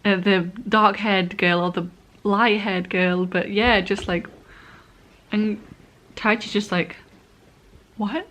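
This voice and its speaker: A woman's voice: mid-range voice, fairly even intonation, takes it slowly, pauses often, fairly bright tone. Young woman, manga vlogger, heated rambling reactions with swearing. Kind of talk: casual reading reaction.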